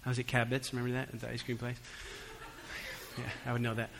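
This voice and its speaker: A fast-talking male pastor with a medium-pitched, bright, forward and creaky voice delivers his sermon amid a little hiss or hum. He moves between soft, conversational storytelling laced with humor and raised, emphatic appeals, while the church hall adds a long reverb tail.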